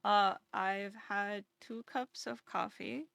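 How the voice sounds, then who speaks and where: Slow, gravelly-toned woman streamer. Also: medium pitch, steady tone, pushed and bright, no echo. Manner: rambling, halting with many fillers. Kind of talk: casual live-stream chat.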